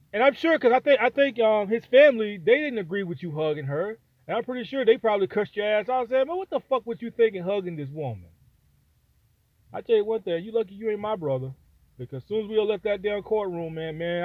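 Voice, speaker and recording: Brief: fired-up high-pitched man, AAVE, profane vlog rant, tinny phone-quality audio. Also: no room sound. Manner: heated, profane, repetitive. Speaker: vlogger giving opinion. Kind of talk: angry opinion rant. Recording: dry, phone-like sound.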